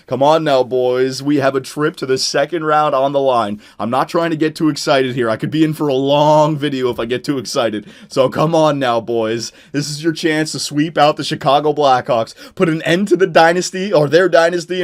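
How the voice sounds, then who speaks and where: A young man commentating on his own hockey video game, swinging between loud excited shouts and low muttered talk, his voice worn out. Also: moderate pace. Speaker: gaming YouTuber.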